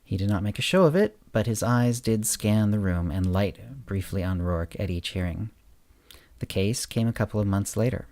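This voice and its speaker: A man hosting a podcast, reading his own short story aloud in a steady narration. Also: lowish voice, moderate pace, no echo. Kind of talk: audiobook-style story narration.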